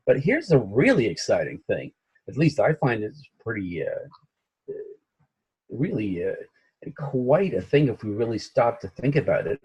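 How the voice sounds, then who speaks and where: A man's voice: medium pitch, big pitch swings, unhurried, a little mellow, husky. A man from the audience asking a question over a video call, thoughtful and hesitant. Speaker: audience member.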